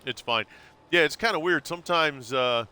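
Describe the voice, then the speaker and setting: A man's voice: fairly high pitch, normal speed, pushed and bright, smooth. A man streaming live, chatting casually and rambling, calling his viewers bro. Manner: laid-back, rambling, calls viewers bro.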